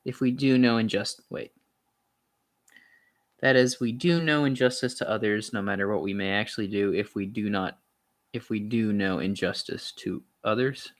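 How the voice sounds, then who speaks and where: Man with a lower voice, reading aloud hesitantly. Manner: halting, many ums and restarts, wry sarcastic asides. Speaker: channel host reading aloud. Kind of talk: casual read-aloud of a philosophy text with asides.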